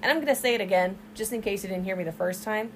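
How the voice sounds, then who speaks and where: A young woman co-hosting a casual true-crime podcast, telling the story in an animated way with swearing and side remarks. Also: mid-range voice, fast, slight background noise. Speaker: podcast co-host.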